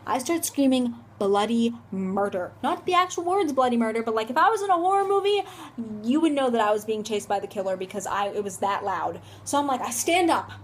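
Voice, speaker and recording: A young woman telling a story for her vlog in a dramatic, animated way, recorded on a phone camera. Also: a little high, brisk, a little hiss or hum. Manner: dramatic, animated, shrieks when reenacting. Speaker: vlogger.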